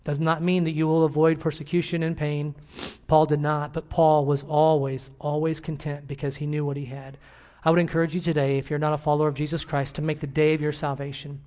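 A pastor closing a church service with a Bible verse and a gentle, earnest prayer to the congregation. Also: male voice, a little high, flat delivery, fairly quick, hardly any pauses.

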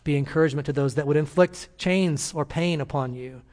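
Delivering a sermon in church, this senior pastor recounts stories with earnest conviction and presses his congregation emphatically. He talks a little fast, and his voice is on the high side with a darkish tone.

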